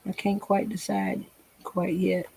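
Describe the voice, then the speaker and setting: Woman art teacher, slow, husky, chatty while she paints, dry close sound. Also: medium pitch, flat delivery, a little mellow. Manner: chatty, talks to herself while painting, folksy. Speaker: painting instructor. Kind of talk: casual painting tutorial.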